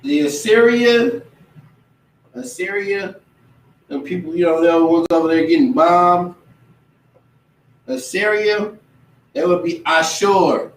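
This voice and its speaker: Man, somewhat high voice, animated casual teacher who slips into impressions, recorded far off in a roomy space. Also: slow, pauses often. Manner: animated, mimics other people's voices. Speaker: religious teacher. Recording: echoey room, distant mic.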